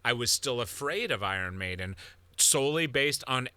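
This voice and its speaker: A man co-hosting a podcast in casual comedic chat, rambling and halting and laughing often. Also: medium pitch, animated, sharp tone, clear, resonant tone. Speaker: podcast co-host.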